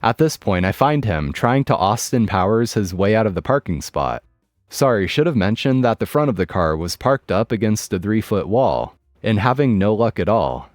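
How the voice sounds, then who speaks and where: A man's voice: on the low side, animated, normal speed, no room sound. A man reading a first-person story in a wry, matter-of-fact scripted narration. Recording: dry close mic with music bed.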